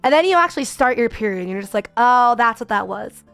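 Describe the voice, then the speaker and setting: A young woman streamer talking candidly in a casual, expressive chat with her viewers. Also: fairly high pitch, fast talker, clean tone.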